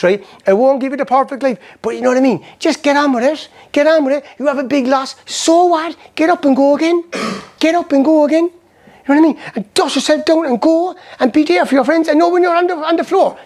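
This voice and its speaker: Talking at rapid-fire pace in an extremely high-pitched voice, an Irish man delivers a motivational seminar with personal stories. His storytelling is animated, and he re-enacts past conversations as he goes.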